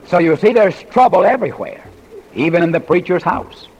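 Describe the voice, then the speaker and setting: Older male pastor, sixties, folksy sermon delivery with jokes and pauses, husky, long reverb. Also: high voice, expressive, highs cut off. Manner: folksy humorous preaching with dramatic pauses. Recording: reverberant hall recording.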